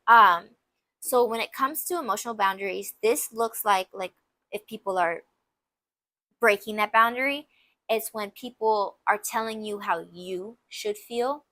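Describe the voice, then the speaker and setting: A woman's voice: medium pitch, unhurried, pushed and bright, dry recording. A young woman hosting a casual advice podcast, candid and emphatic, full of "like" and playful asides. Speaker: podcast host.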